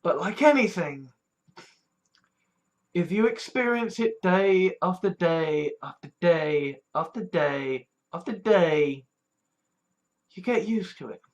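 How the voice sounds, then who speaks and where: A weary vlogger talks slowly in a lively pitch, giving a candid personal monologue. He's blunt and profane, sighing often and restarting trailing thoughts, swinging between tired mutters and mocking quotes he shouts out.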